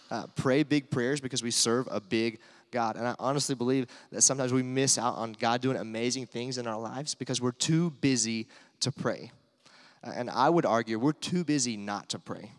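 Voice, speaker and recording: A man's voice: mid-range voice, normal speed. Conversational male pastor in a reverberant hall. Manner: conversational, filler-heavy preaching with scripture readings. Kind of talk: sermon.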